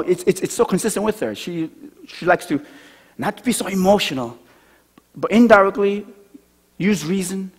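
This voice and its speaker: A man preaching a sermon as pastor, talking conversationally and dropping to a hush on key lines. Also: on the high side, slightly rough. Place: church sanctuary. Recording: church hall reverb.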